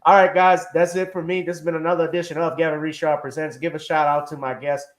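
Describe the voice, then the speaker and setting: A man hosting a casual live-stream talk show, relaxed and chatty as he wraps up with his guests. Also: a little high, fast talker. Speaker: host.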